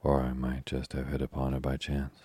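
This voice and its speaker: A man's voice: a bass voice, monotone, moderate pace, dark tone, husky, dry recording. A man reading as a cheeky young woman adventurer. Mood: coolly teasing. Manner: sweetly teasing, coolly confident.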